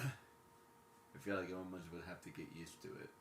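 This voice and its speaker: Deep-voiced man chatting on a live stream. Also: little pitch movement, a little hiss or hum. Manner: rambling, filler-heavy, self-reflective; quick-talking. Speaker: livestreamer. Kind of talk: casual live-stream chat while gaming.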